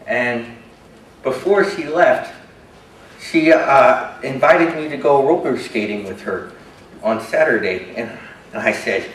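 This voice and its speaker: An actor playing a shy, self-doubting young man with a disability, telling his story haltingly and earnestly in a stage monologue. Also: medium pitch, a little hiss or hum, close to an everyday voice. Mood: gentle. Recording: roomy hall from a distance.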